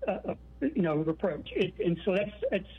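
A man's voice: high voice, lively intonation, normal speed, breathy edge. A man calling in to a radio show, earnest and rambling. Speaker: caller. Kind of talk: phone-in call. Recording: tinny phone line.

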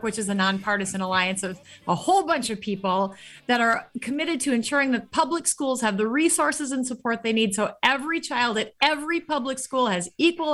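Woman podcast host, brisk upbeat intro delivery, bright sharp tone. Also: fairly high pitch. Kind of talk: introducing a guest.

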